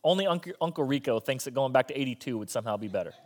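A man's voice: mid-range voice, lively intonation, racing, a little mellow. Man preaching in a casual joking way. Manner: conversational, joking asides. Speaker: pastor. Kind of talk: sermon.

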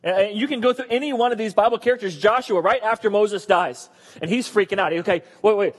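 A man's voice: high voice, quick pace, husky, in a large hall. A man preaching a sermon in a conversational, joking way. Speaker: pastor.

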